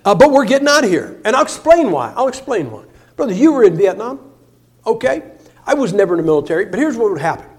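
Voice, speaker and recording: High-voiced joking man preaching. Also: very animated, fast talker. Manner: folksy, joking storyteller with many restarts; shifts between loud emphasis and soft, low asides. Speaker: guest preacher. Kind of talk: sermon.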